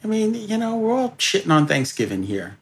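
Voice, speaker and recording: A man's voice: high-pitched, huge pitch swings, brisk, creaky, a bit bright. A man from New York co-hosting a podcast, trading dry, sarcastic jokes in casual chat. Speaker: podcast co-host.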